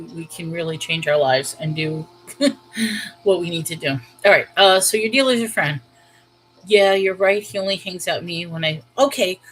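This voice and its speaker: A middle-aged woman hosting a casual livestream, chatting with viewers, laughing often, and slowing down to give earnest spiritual advice. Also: on the low side, a bit bright, slight background noise, low-quality recording. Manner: earnest and slow when giving spiritual advice. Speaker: host of a Bible livestream.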